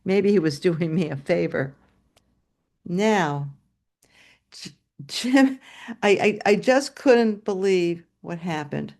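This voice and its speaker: An older woman, a former teacher, tells a story to an audience over a video call, animated and acting out the voices, with asides to her listeners. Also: fairly low pitch, slow pace, vocal fry, long pauses.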